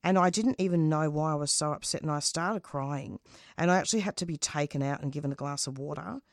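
In a conversational interview, a middle-aged woman, herself a radio show host, is the guest. Her low voice carries strong feeling as she stops and restarts her sentences in a halting way, recorded dry and close with no room sound at all.

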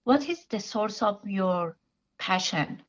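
A woman interviewing a guest for radio and asking measured questions. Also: mid-range voice, expressive. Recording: dull lo-fi sound.

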